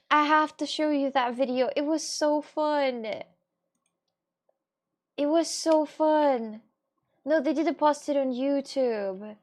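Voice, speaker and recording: Giggly high-voiced woman chatting. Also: a little mellow. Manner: giggly, rambling chatter to viewers. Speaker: streamer. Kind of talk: casual chat.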